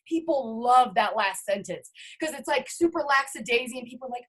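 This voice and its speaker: A network marketing team leader with a bright, high-pitched voice gives her team an all-in pep talk over a video call, hyped, emphatic, and repeatedly addressing listeners directly. She is expressive and brisk with few pauses, and the recording is slightly rough and low-quality.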